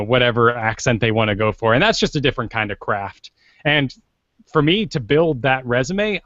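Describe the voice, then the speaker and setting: A young man talks shop about voice work in an easy, unhurried way. His voice sits at an ordinary pitch. The recording is dry and a little dull. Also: fairly bright tone, no room sound. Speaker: voice actor guest. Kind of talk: casual podcast chat.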